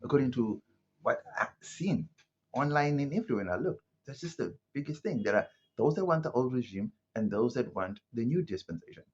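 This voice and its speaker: A husky-voiced man from South Africa talks through his opinions in a loose, conversational monologue. His pitch swings freely as he thinks aloud and keeps checking in with the listener. The recording sounds muffled and lo-fi. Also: lively intonation, a little fast. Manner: conversational, rhetorical asides, frequent "right?" and "you know". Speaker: commentator. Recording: muffled lo-fi audio.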